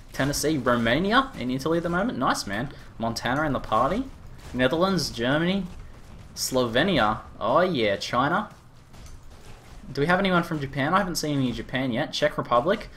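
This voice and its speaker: A man with an Australian accent chatting casually with viewers during a live game stream, rambling with lots of fillers and quick laughs. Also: mid-range voice, fairly bright tone, a little hiss or hum. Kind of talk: casual live-stream chat while gaming.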